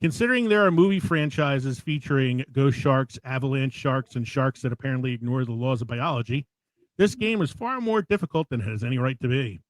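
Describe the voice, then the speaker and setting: A man hosting a casual podcast, telling a dramatic deadpan story before loose, chatty banter. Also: medium pitch, a little fast, no room sound, low-quality recording. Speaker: podcast host. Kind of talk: casual podcast chat with a comic spoken intro.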